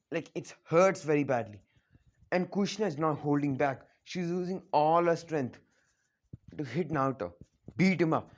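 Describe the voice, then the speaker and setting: A man casually retelling a fan story, rambling with lots of fillers and frequent self-corrections. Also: on the high side.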